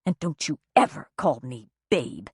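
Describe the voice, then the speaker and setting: A woman voicing a fierce, furious woman who yells and curses at intruders on her property. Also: very deep voice, very animated, unhurried, husky, no echo, clean studio sound, voice pushed down, heavily acted. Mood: cold fury. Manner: yelling, cursing, sharp.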